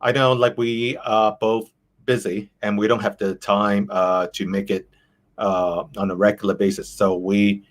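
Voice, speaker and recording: A Canadian man hosts a casual talk over a video call with a fairly low voice. He speaks hesitantly and keeps filling gaps with ums and uhs. He often restarts his sentences. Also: level tone, unhurried. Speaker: host. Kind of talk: casual interview chat.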